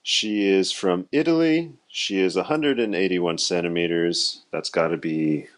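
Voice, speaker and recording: A man with a notably deep voice hosts a casual podcast. He talks loosely and rambles, jokes easily and slips in slang as he goes. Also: a little slow. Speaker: podcast host.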